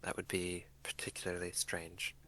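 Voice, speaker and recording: A man playing a tabletop game, making dry jokes and measured strategic remarks. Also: deep voice, monotone, bright, forceful tone, soft background music. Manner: dry, joking. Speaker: player.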